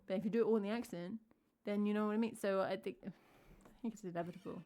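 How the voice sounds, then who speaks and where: A woman's voice: medium pitch, steady tone, quick pace. A woman from England with an English accent, a singer-songwriter chatting casually between songs on a live stream, rambling and cutting herself off with lots of likes. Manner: rambling, self-interrupting, chatty with many likes.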